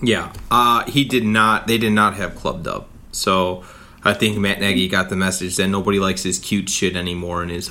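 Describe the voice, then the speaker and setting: A man's voice: low-pitched, fairly even intonation, pushed and bright. A man hosting a sports podcast, ranting heatedly with lots of swearing. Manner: profane, heated, rapid rant. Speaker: podcast host.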